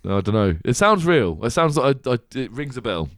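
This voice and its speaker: A man's voice: medium pitch, very animated, a little fast, a bit bright, dry recording, clean studio sound. A man co-hosting a podcast, chatting casually with a rambling, self-deprecating manner and frequent laughter. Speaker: podcast co-host. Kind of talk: casual chat.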